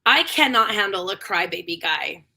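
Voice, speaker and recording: A woman's voice: medium pitch, expressive, moderate pace, sharp tone. A woman co-hosting a casual chat show, chatty and candid, laughing often. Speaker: co-host.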